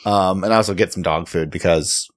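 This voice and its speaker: A man's voice: low-pitched, brisk. A man, co-hosting a casual tabletop game podcast, joking and laughing often. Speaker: podcast co-host and player.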